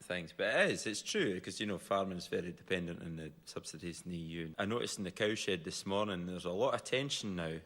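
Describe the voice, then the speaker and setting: A Scottish man, a comedian and farmer, riffing in a hesitant deadpan way on a panel show. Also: deep voice, a little fast, few pauses, noisy background. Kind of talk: deadpan comic riff.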